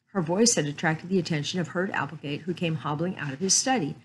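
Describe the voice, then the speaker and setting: A woman storyteller reading a chapter book and a Bible story aloud in a calm, measured way. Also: deep voice, a little hiss or hum, poor audio.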